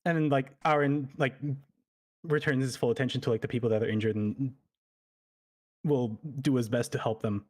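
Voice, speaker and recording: A man's voice: mid-range voice, fairly even intonation, normal speed, long pauses. A man playing a tabletop game, describing his character's actions with frequent hesitations and fillers. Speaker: player.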